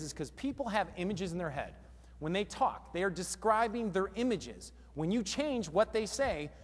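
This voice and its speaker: A fairly high-voiced man gives an energetic live seminar talk, firing questions at the crowd. His voice carries a long reverb from a large hall. He talks in a casual, punchy way. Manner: energetic, quizzes the audience. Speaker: seminar speaker.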